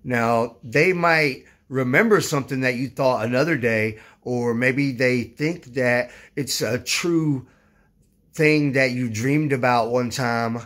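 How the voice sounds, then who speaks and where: A man's voice: mid-range voice, takes it slowly, fairly bright tone. A man talking casually to his channel's viewers, rambling with many fillers and restarts, insistent as he corrects their views. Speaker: YouTuber. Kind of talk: casual talk to camera.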